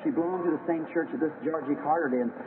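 A man's voice: fairly high pitch, quick pace, crowd noise. A man preaching an old-time revival sermon, telling stories in an earnest, folksy way. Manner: earnest, folksy storytelling with acted-out quotes. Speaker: evangelist preacher. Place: church hall. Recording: tinny, hissy old archival recording in a hall.

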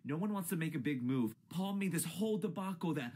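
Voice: mid-range voice, animated, brisk, few pauses, warm tone, slightly rough. A YouTuber in a profane, exasperated rant about a reality TV show, swinging from grumbling to shrieks. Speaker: YouTube ranter.

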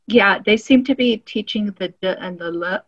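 A woman's voice: mid-range voice, moderate pace, dull audio, faint music behind. A woman hosting a language interview over a video call, curious and analytical, with linguistics terms. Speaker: host. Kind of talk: interview chat.

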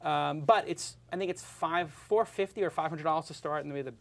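A man's voice: fairly high pitch, fairly quick, vocal fry. A male podcast host chatting casually, blunt and opinionated, joking as he goes. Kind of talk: casual chat.

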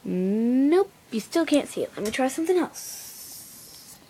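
A woman making one of her first videos chats casually at home near her bed, often dropping into whispered asides. She speaks slowly in a high, sing-song, mellow voice with a breathy edge, and the clip is shot on a handheld music player camera.

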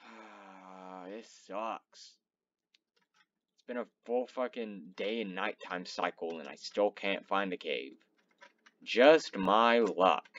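This is a young man talking over his own gameplay, swearing and rambling and swinging from loud outbursts to low mumbles. His low voice has a sharp, bright edge, and the recording is dull and lo-fi, dry and close, with keyboard typing behind him. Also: slow. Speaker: gaming channel host. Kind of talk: casual gameplay commentary.

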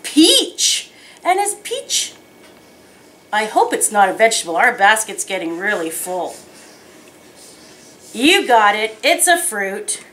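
A woman teaching little children, her voice rising and falling a lot. She talks slowly and in a sing-song way, drawing out her words and stopping to let them guess. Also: high voice, fairly bright tone. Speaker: preschool teacher. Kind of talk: children's lesson and picture-book reading.

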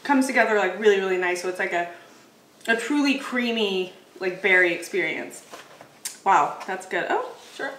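A woman chats her way through a snack tasting, laughing often and thinking out loud between bites. Her voice sits at an ordinary middle pitch. She sounds a bit distant from the mic, with a roomy echo and a faint hiss underneath. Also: lively intonation, normal speed. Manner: chatty, laughs often, muses while tasting. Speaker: food vlogger. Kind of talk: casual food review chat. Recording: echoey room, mic set back.

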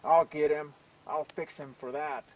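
A man's voice: a little high, steady tone, a little slow, distant mic, lightly acted, low-quality recording. A man voicing an angry, hot-tempered male skunk chief in a spoken folk tale, huffing and challenging.

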